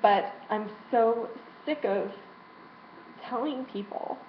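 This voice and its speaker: A woman's voice: a little high, slow. Young woman ranting on her vlog, swears a lot, gets emotional, echoey room, kinda muffled lo-fi sound. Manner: frank and emotional, swears freely. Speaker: vlogger. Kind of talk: personal rant vlog. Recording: roomy, dull lo-fi sound with faint hiss.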